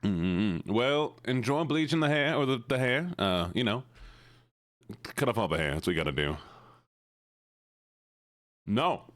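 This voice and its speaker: A man's voice: mid-range voice, very animated, a little slow, long pauses, a bit bright, dry recording, studio quality. A man streaming live and chatting casually with his chat, playful, with mumbled hums between lines.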